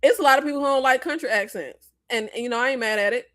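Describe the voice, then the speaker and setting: A woman raised in the American South hosts a relaxed movie livestream, with a bright, high-set voice. She rambles through her opinions, laughs often, and keeps breaking off to apologize. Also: rapid-fire. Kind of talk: casual livestream chat.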